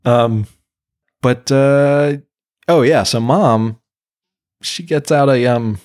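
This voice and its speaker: A man's voice: medium pitch, slow, darkish tone. A man co-hosting a podcast, chatting about a movie in an easygoing, jokey way. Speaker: podcast co-host. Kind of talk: casual movie recap chat.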